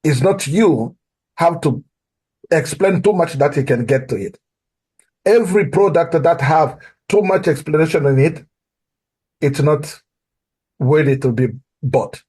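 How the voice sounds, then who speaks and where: A man's voice: on the high side, animated, measured pace, long pauses, darkish tone, slightly rough. A man from Africa with an accent, earnestly coaching on sales follow-up and repeating key phrases for emphasis. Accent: non-native English. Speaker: guest.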